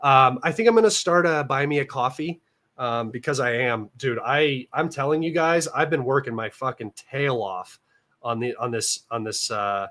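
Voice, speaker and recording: A man's voice: mid-range voice, moderate pace, fairly bright tone. Young man, American, casual livestream chat, rambling with fillers, a bit nasal, home room. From United States. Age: young adult. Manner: rambling, chatty, many fillers and restarts. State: slightly nasal from allergies. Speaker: livestream host.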